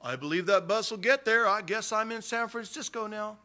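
A man's voice: high voice, moderate pace, sharp tone, voice pushed up. A man voicing a naive, gullible man waiting for a bus, in a mocking tone.

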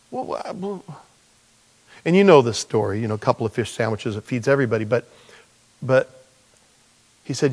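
A middle-aged man preaching a sermon in a conversational storytelling manner, laughing now and then and going soft and low when he voices prayers. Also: big pitch swings, fairly quick. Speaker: pastor.

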